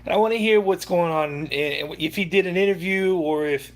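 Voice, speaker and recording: High-voiced man ranting heatedly. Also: normal speed. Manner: heated, profane, rambling with restarts. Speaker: livestream host. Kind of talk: sports rant livestream.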